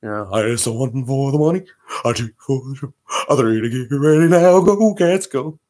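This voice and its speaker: A man's voice: medium pitch, moderate pace, a little mellow, close to an everyday voice. A man impersonating a male rock-and-roll star with a crooning drawl. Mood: showy.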